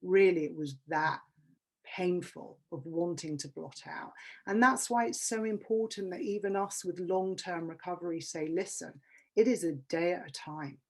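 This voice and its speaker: A woman's voice: lowish voice, steady tone, normal speed, a little mellow. A British woman in her fifties giving a candid, emotional personal talk at a workshop, repeating words for emphasis. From England. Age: 50s. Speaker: workshop speaker.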